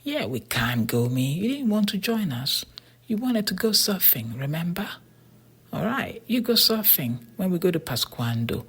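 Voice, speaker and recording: A boy twin who bargains firmly and stays cool, as a breathy narrator voices him. He speaks in a husky near-whisper in a storybook reading. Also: mid-range voice, big pitch swings, moderate pace, a bit bright, pitched above the performer's own voice, heavily acted. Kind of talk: storybook character voice.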